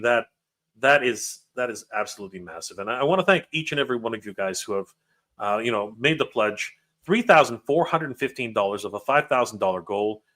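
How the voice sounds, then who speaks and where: A man hosting a livestream, emotional and excited, often stumbling over his words while reading viewer comments. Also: mid-range voice. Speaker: livestream host.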